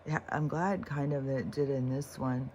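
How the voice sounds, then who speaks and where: Mellow-voiced woman rambling about healing. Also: rumbling low, muffled recording, slight background noise. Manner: rambling, swears casually, many fillers and restarts; slow, unhurried delivery. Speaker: spiritual vlogger. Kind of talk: casual unscripted talk.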